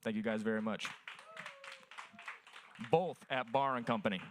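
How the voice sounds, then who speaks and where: A man's voice: fairly low pitch, normal speed, slight background noise. A young man performing a crude stand-up set at an open mic, telling profane stories. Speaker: stand-up comedian.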